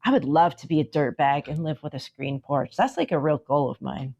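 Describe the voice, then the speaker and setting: Low-voiced woman telling a story. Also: a little fast, vocal fry, slightly rough. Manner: animated storyteller, acts out dialogue, frequent "like". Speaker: podcast co-host. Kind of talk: casual chat.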